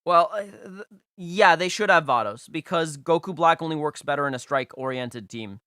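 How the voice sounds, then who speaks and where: A man's voice: a little high, animated, normal speed, pushed and bright, clean tone, no echo, clean studio sound. A young man hosting a live stream, rating viewers' game teams in casual, emphatic and playful commentary, repeating phrases for stress.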